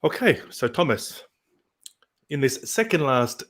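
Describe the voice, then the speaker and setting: A man with an Australian accent hosting a casual live-stream chat, relaxed and jokey as he greets viewers. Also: mid-range voice, a little slow. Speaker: host.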